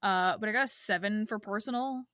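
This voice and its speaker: Give me an animated woman from the New York area chatting on a podcast, dry close mic. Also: mid-range voice, dry recording. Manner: animated, quick to laugh, many restarts. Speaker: podcast co-host. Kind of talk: casual chat.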